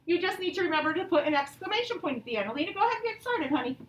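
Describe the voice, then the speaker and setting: A woman teaching a grammar lesson to young pupils, patient and encouraging, reading example sentences out slowly. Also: very high-pitched, lively intonation, a little hiss or hum. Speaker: elementary school teacher. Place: classroom, also streamed to pupils at home. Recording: echoey classroom from far off.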